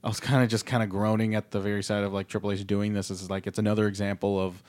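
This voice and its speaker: A man's voice: on the low side, little pitch movement, fast, darkish tone, no echo. A man co-hosting a casual chat, thinking aloud with frequent restarts and analysis. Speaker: podcast co-host. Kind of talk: casual wrestling discussion.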